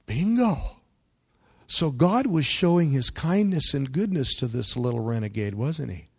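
A male pastor preaching a sermon to his congregation, asking them questions and building to loud, emphatic peaks. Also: mid-range voice, expressive, a little slow, slightly rough.

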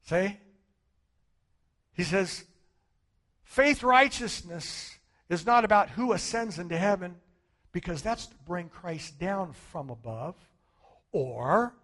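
A man preaching a sermon as pastor, acting out the voices of doubting people, swinging from shouts to near whispers. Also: high voice. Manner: dramatic, swings from shouting to hushed, acts out voices of congregants.

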